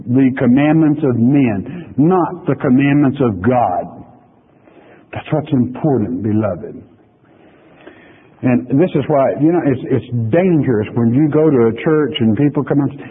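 A man preaching a radio sermon in a folksy, emphatic way, husky-voiced, with plain everyday words and sudden stresses. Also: mid-range voice, lively intonation, takes it slowly. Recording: tinny lo-fi radio broadcast with long reverb.

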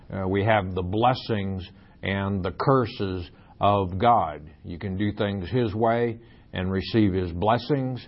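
A man reads Scripture and unpacks it verse by verse in a Bible lecture, taking his time with deliberate explanatory asides. His voice sits a little low and his pace is very unhurried. The recording sounds muffled and lo-fi. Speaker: Bible teacher. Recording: dull lo-fi recording.

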